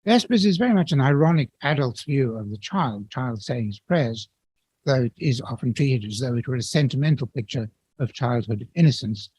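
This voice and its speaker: A man giving an academic lecture in a measured, explanatory way, with occasional restarts. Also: medium pitch, expressive, a little mellow, slightly rough, low-quality recording.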